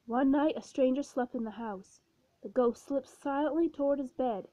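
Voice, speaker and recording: High-voiced woman reading a kids storybook, dry dull recording, no reverb. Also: mellow. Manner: slow, clear storytelling. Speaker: storybook narrator. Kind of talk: children's story read-aloud.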